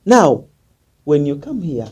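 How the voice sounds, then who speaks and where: A man's voice: on the high side, big pitch swings, takes it slowly, a little mellow, slightly rough. A man with a Ugandan accent hosting a casual interview, talking emphatically and repeating words as he goes. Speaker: interview host.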